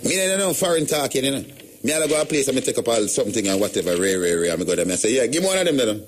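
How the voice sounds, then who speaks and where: Against a noisy background, this Jamaican radio host talks in rapid-fire bursts with a mid-range voice. Middle-aged, he spins casual, loose stories on air, heavy with patois.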